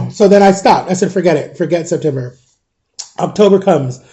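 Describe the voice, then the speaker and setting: Man, 30s, high voice with a mellow tone; rambling, exasperated vlogger who swears casually. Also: lively intonation, normal speed, gravelly. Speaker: father vlogging about parenting. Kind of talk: casual storytime vlog.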